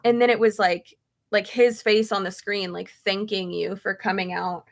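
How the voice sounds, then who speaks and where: A young woman with a gravelly, mid-range voice chats casually at a moderate pace, her pitch barely moving. She answers viewer questions in a rambling way, full of fillers and tangents.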